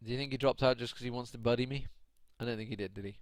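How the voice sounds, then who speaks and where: A man streams his own match commentary, chatting and laughing as he answers his viewers. His voice sits at an ordinary middle pitch and is recorded dry and close, with no room around it. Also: steady tone, racing, no echo. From United Kingdom. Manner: chatty, laughing, ranting at chat. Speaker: esports caster. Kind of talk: solo live stream commentary.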